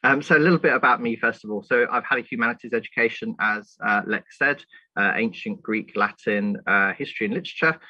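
A man's voice: medium pitch, quick pace, pushed and bright, husky, no room sound. A man from the UK giving a polite, formal conference talk over a remote link. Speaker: guest speaker. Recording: dry lo-fi call audio.

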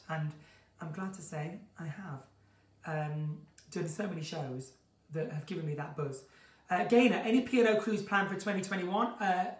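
A woman hosting a casual live chat from home, reading out viewer questions and answering them in a chatty, theatrical way. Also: fairly low pitch. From northern England. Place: at home, room with a window to her garden. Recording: roomy, distant home stream audio.

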